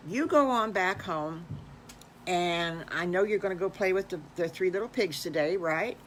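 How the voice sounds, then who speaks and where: An older woman voicing a kindly, fatherly farmer who speaks gently and reassuringly. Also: fairly low pitch, slight background noise, natural voice. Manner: gentle, slow, comforting.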